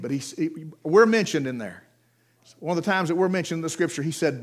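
A man preaching a sermon, telling Bible stories, acting out the quoted voices and dropping to a hush for emphasis. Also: a little high, animated, fast.

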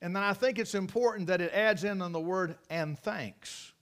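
A man preaching a sermon, folksy and emphatic, with many restarts and loud repeated cries. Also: sits high, fast talker, slight background noise.

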